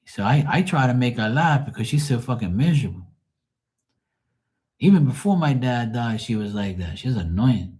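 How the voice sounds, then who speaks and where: A man's voice: medium pitch, animated, moderate pace, a little mellow. A middle-aged man venting on a live call in a profane, rambling, exasperated way. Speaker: caller on a live tarot stream. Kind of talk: casual venting.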